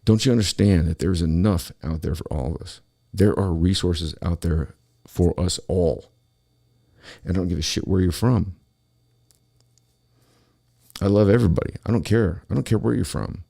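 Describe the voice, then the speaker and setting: A man with a very low, gravelly voice rants on his own show. He talks angrily and swears constantly as he vents to his listeners. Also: moderate pace, pauses often, warm tone. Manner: angry, profane, ranting. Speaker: podcast host. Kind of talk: solo political rant.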